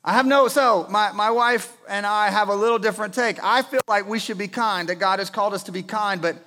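A man, preaching a sermon in a church sanctuary, animated and rising to emphatic outbursts. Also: high voice, brisk. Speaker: pastor. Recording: long hall reverb.

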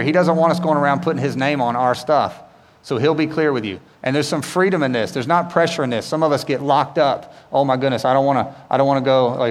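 A man's voice: mid-range voice, big-room sound. A man pastor giving a sermon in a casual, conversational way, often asking rhetorical questions and checking in with "right?".

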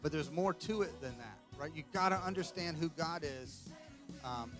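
A man's voice: on the high side, moderate pace. A man preaching a conversational sermon as pastor, emphatic and full of "right?" asides. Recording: clear music under the voice.

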